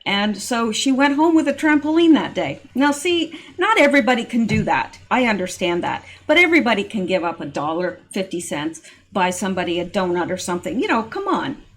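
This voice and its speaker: A woman's voice: medium pitch, big pitch swings, a little fast, hardly any pauses. A woman hosting her own commentary channel, talking casually and earnestly with lots of fillers and restarts. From Canada. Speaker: political commentary channel host.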